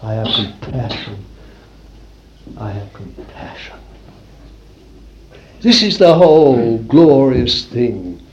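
A man preaching a sermon to a congregation in a room, swinging from loud declarations to hushed asides. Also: medium pitch, lo-fi sound.

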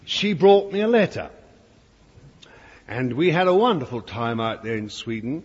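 A man's voice: mid-range voice, sing-song, moderate pace, darkish tone, breathy edge. A man preaching a fervent sermon to a congregation, with emphatic asides to his listeners. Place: church hall before a congregation. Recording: dull, lo-fi recording with long hall reverb.

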